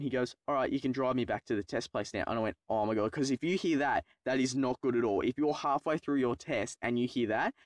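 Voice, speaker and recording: Young man, Australian accent, casual storytelling, swears a lot, mid-pitched voice, dry close sound. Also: no echo. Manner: rambling, profane, self-mocking. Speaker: YouTuber telling a personal story.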